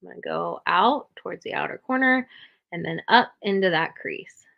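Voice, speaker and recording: A woman's voice: fairly low pitch, expressive, normal speed, vocal fry, muffled recording. A woman giving a step-by-step makeup tutorial, talking the viewer through each move and checking in with a frequent "okay?".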